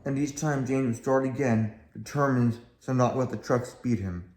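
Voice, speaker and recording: A man's voice: medium pitch, fairly even intonation, normal speed, few pauses, a little mellow. A man reading a children's railway storybook aloud in a plain manner, with small slips. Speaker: reader. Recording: echoey room, faint background.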